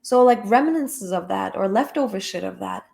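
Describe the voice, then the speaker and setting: A woman's voice: medium pitch, animated, fairly quick, gravelly, a little mellow. Frank woman teacher, casual swearing. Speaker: spiritual healing teacher. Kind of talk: candid personal talk.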